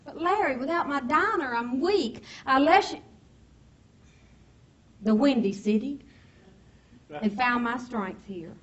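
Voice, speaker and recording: A woman's voice: high voice, lively intonation, slow, long pauses, a bit bright, highs cut off, exaggerated voice. An actress playing a motherly middle-aged diner owner, speaking fondly and earnestly in a stage comedy. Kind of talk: live stage comedy acting.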